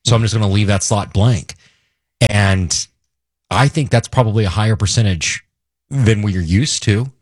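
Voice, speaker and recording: A man's voice: lowish voice, dry recording, clean studio sound. A man co-hosting a political talk radio show, bantering and explaining ballot issues. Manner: bantering, quick asides. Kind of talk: casual political chat.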